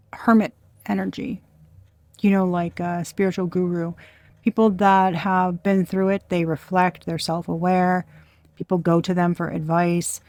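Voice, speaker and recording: A woman's voice: on the low side, vocal fry, darkish tone, no room sound. A woman giving a casual, channeled tarot reading, blunt and profane, often breaking off mid-sentence and laughing. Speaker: tarot reader.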